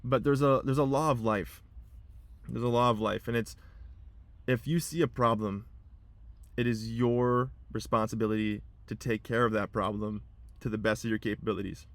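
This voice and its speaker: A man's voice: medium pitch, steady tone, normal speed, no echo. A young man talking to camera from inside his car in a rambling personal vlog, repeating himself and holding back tears. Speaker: vlogger.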